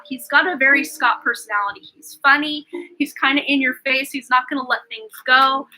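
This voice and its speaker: A woman with a high, bright voice gives a live-streamed tarot reading. She talks effusively and chattily, full of "like" and "um" fillers. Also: fairly quick, low-quality recording. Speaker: tarot reader and livestream host.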